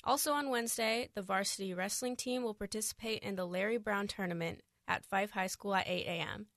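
Woman sports reporter, steady scripted radio read, dry close mic. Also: mid-range voice, brisk, no room sound. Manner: steady newsreader delivery. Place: radio studio.

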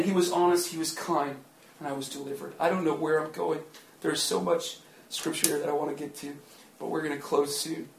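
A man's voice: a little high, fairly even intonation, a little fast, gravelly. A man preaching a personal testimony sermon, candid and confessional, rising to fervent emphasis. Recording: echoey room.

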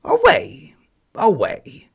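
A man voicing a hoarse old male yard dog that barks its warnings. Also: very slow. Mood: mournful. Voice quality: hoarse, barking.

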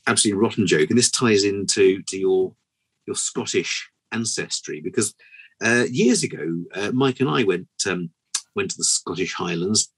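A man co-hosting a podcast, chatting casually and telling a long joke in a lively way, with many restarts. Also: fairly low pitch, normal speed, husky, poor audio. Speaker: podcast co-host.

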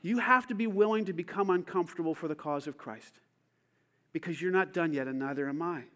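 A pastor preaching a sermon to his church, swinging from quiet, intimate lines to shouted calls for the congregation to repeat after him. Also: on the high side, a little fast.

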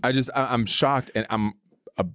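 A man co-hosting a comedy podcast, talking in an animated, jokey way with frequent laughter. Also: mid-range voice, moderate pace, no room sound, studio quality. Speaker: podcast co-host. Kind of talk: casual comedic chat.

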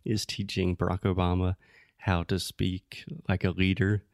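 A man hosting a casual chat for English learners, explaining words and phrases slowly and carefully. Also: low-pitched, flat delivery, no room sound, studio quality. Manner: explains word meanings, slow and deliberate. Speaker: host teaching English.

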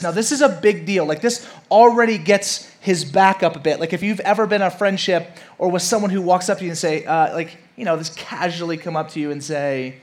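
High-voiced man preaching casually. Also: moderate pace. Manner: conversational, repeats words, asks listeners. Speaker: pastor. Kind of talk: casual sermon.

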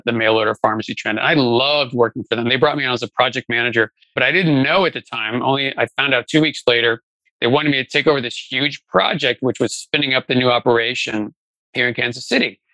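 A middle-aged man recounts his working life as an interview guest, loose and conversational, often restarting his sentences. His tone is bright and pushing forward, at an ordinary middle pitch. The sound is dry, with almost no room around it. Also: no room sound, poor audio. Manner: conversational, many fillers and restarts. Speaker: guest, venture investor. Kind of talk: casual storytelling interview.

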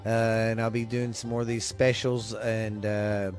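A man with a Southern US accent, rambling excitedly through a casual podcast sign-off, with hiccups. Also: on the low side, a little slow, faint music behind. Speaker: podcast host.

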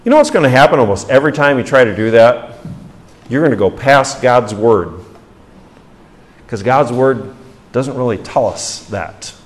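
A man preaching a sermon in a mid-range voice. He pushes his pitch up to stress key words, then lets phrases fall low and quiet at the ends. He keeps putting rhetorical questions to the congregation. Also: animated, moderate pace, long pauses. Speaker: pastor.

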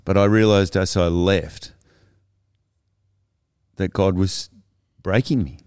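A middle-aged man speaks as a podcast guest, his voice low, smooth and resonant. He tells his own story in a reflective, halting way, often restarting his sentences. The sound is dry, with no room echo. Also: fairly even intonation, darkish tone. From Australia. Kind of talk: casual personal storytelling.

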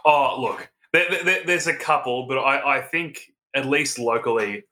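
A man's voice: medium pitch, a little slow, bright, forceful tone. An Australian man speaking as a guest on a casual podcast, hesitant and often restarting his sentences.

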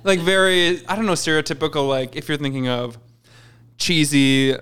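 Smooth-voiced wry man co-host. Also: on the high side, steady tone, normal speed, fairly bright tone. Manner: wry, playful quips. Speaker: podcast co-host. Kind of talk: casual chat.

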